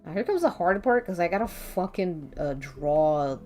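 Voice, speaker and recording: A woman's voice: on the low side, expressive, normal speed, a little mellow. A woman streamer chatting casually while she draws, rambling, swearing offhandedly, giggling and humming to herself. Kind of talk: casual live-stream chat while drawing. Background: faint background music.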